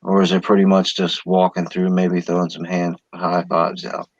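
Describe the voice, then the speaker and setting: A man co-hosting a casual wrestling talk show in a laid-back, drawn-out way. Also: deep voice, completely flat delivery, dry recording, dull audio. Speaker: podcast co-host.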